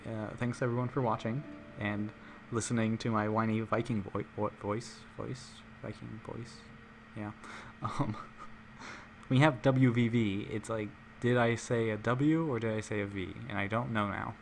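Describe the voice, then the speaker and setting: A man's voice: fairly low pitch, fairly even intonation, normal speed, background noise. A man hosting a live stream in casual chat, rambling and making self-mocking jokes. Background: music playing.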